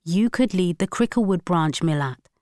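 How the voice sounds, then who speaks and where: A woman voicing an earnest, soft-spoken teenage boy activist who speaks proudly and solemnly, in a read-aloud story. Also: lowish voice, lively intonation, moderate pace, no room sound, clean studio sound, close to an everyday voice.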